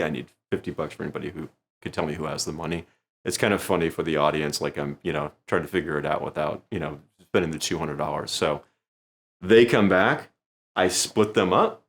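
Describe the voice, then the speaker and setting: A man with a low, deep voice walks through how he performs a routine, talking casually and plainly. Now and then he jumps up in pitch to act out what he says on stage to the audience. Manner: conversational, acts out his stage lines with lively pitch jumps. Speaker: magician teaching a routine. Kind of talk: instructional talk.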